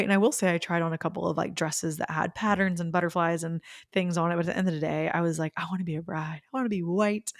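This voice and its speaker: A bubbly young woman hosts her own podcast and tells a personal story in an easy, chatty way. Her voice sits fairly low for a woman. She gushes and laughs often, and her voice reaches the microphone dry and close. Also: dry recording. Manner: bubbly and gushing, with bursts of laughter. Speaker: podcast host. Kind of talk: casual solo storytelling.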